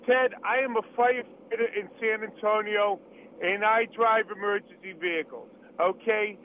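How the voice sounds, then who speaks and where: A man's voice: sits high, steady tone, moderate pace. A man with a Boston accent calling in to a radio show, firm and insistent about being heard. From Boston, USA. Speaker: caller, firefighter. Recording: phone call line with faint hiss.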